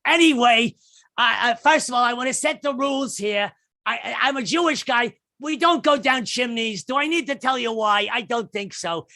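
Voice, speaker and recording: A shrill, squawking comic Santa yells his grievances, as a man puts him on in a hard, bright tone. Every line comes out loud and grating. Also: moderate pace, heavily acted. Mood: griping. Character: grating, shouty Jewish comic playing Santa.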